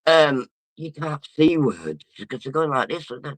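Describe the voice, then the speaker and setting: A man's voice: fairly high pitch, big pitch swings, moderate pace, no echo. A drunk man rambling and swearing as he chats on a livestream and reads out comments. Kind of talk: casual livestream chat, reading comments.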